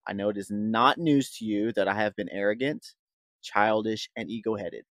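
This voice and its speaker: A man's voice: fairly low pitch, moderate pace, fairly bright tone, dry recording. A man playing a tabletop game, speaking an earnest in-character apology. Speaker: player. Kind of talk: tabletop role-play.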